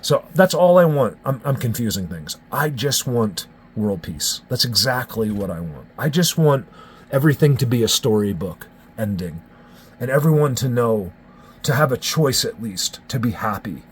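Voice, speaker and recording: A man's voice: mid-range voice, very animated, normal speed, a little hiss or hum. A man from New Jersey, a Bigfoot researcher, talking in a rambling, emphatic vlog rant. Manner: rambling and emphatic, restarts often.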